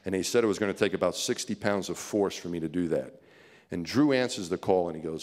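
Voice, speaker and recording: A middle-aged man telling a story to an audience as a keynote speaker, chuckling and swinging from hushed to excited. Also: low-pitched, fast. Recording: reverberant hall.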